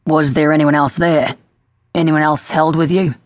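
A woman's voice: low-pitched, fairly even intonation, normal speed, no echo, natural voice. A woman voicing a brutish male police detective who talks in a soothing, patronizing way.

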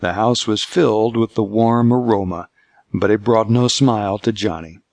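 A man reading scripted narration for an audiobook in a measured, steady way. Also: fairly low pitch, no echo.

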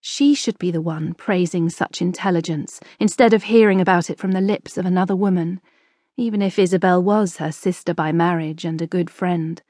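A woman narrating a historical novel audiobook in a measured, expressive storytelling manner. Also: fairly low pitch, no room sound, studio quality.

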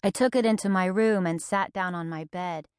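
Woman, audiobook narrator; calm first-person reading, dry booth sound. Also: lowish voice, normal speed, clean tone, no echo.

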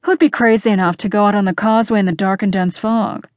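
A playful, nosy young man voiced by a woman reading an audiobook teases his friend in a light, chatty tone. The voice sits in an ordinary middle pitch, and the dry, close recording has no room sound. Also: fairly even intonation, quick pace, a little mellow, no echo, lightly acted. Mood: teasing. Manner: teasing, chatty. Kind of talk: audiobook character dialogue.

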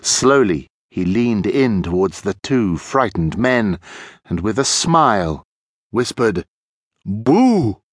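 A man narrating a children's audiobook with expressive storytelling. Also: lowish voice, takes it slowly, no echo, studio quality.

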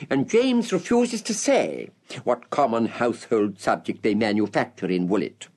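Man narrating with a lively pitch. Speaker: audiobook narrator. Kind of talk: scripted narration of a literary introduction.

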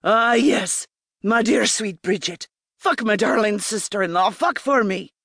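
An ardent male lover speaks with urgent, coaxing warmth, as a woman narrator reads him. His lines are slow and drawn out. The voice stays in a middle register. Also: medium pitch, no room sound. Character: ardent adult man, lover.

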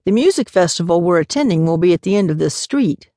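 A woman's voice: fairly low pitch, expressive, fast talker, mellow, no room sound, clean studio sound, lightly acted. Woman doing an easygoing, affectionate man. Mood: cheerful. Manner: soothing, playful.

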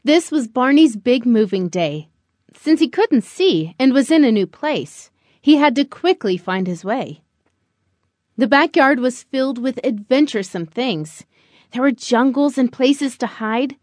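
A woman narrating a children's picture-book audiobook in an expressive storytelling manner. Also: fairly high pitch, a little slow, no room sound, studio quality.

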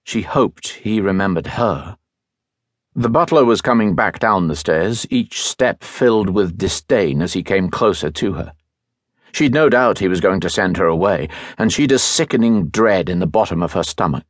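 Low-voiced man narrating an audiobook. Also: dry recording. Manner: measured, even storytelling delivery. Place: recording studio. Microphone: close studio microphone.

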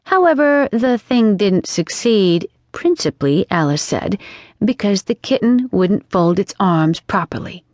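Female storybook narrator, measured and gentle, mid-pitched, close and dry. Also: sing-song, dry recording. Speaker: audiobook narrator. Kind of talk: scripted narration. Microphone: studio microphone. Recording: dry studio sound.

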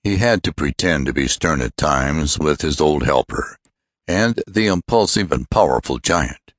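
A male audiobook narrator with a very deep voice, reading in a measured storytelling way. The sound is dry and close, with no room around it. He tells the story steadily for young listeners. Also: lively intonation, no echo. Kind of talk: scripted narration.

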